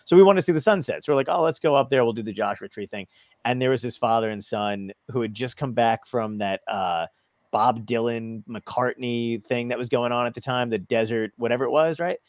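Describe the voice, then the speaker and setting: A man rattles through a story at high speed, cursing freely and laughing at his own tale. His voice is recorded close and dry, with no room around it. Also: brisk, no room sound. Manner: rambling, profane, laughing often. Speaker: podcast guest. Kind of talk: casual storytelling.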